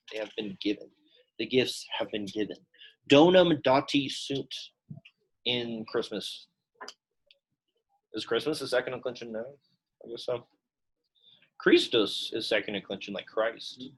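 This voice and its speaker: A man's voice: medium pitch, husky, rough recording. A young man teaching a Latin class in a classroom, chatty and casual, full of "like" fillers. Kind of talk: classroom lesson.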